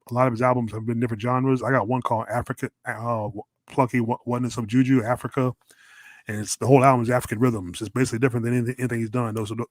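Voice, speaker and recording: A man's voice: medium pitch, dry recording. A middle-aged man calling into a casual talk show, rambling and often repeating his words. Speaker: guest caller. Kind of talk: casual chat.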